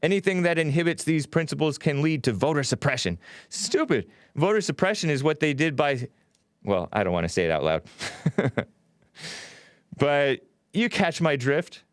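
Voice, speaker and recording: A man's voice: fairly high pitch, animated, moderate pace, clear, resonant tone, no echo, studio quality. A man hosting a solo commentary show, reading out news quotes and mocking them with sarcastic asides. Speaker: podcast host.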